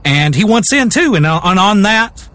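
A man's voice: high-pitched, unhurried. A young adult man co-hosting a podcast, casually telling a true crime story with jokes and restarts. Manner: animated, rambling, jokey, with many restarts.

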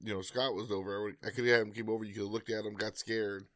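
A man's voice: lowish voice, little pitch movement, rapid-fire, fairly bright tone, dry recording, studio quality. A man co-hosting a casual podcast, easygoing and wry, with a slight cough. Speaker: podcast co-host.

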